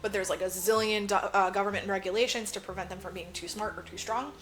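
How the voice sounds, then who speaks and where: A woman's voice: mid-range voice, fairly even intonation, fast, a bit bright, soft background music. A woman co-hosting a podcast, retelling a movie plot in a chatty, casual way with lots of "like". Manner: chatty storytelling, heavy use of "like". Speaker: podcast co-host. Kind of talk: casual movie recap chat.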